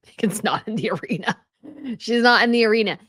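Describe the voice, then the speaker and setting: एक महिला होस्ट, जो व्यंग्य भरे और तीखे लहजे में एक वीडियो पर टिप्पणी करती है।. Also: female voice, mid-range voice, brisk, fairly bright tone, slightly rough, no room sound, studio quality. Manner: sarcastic, scornful running critique. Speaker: commentary channel host. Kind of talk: reaction commentary.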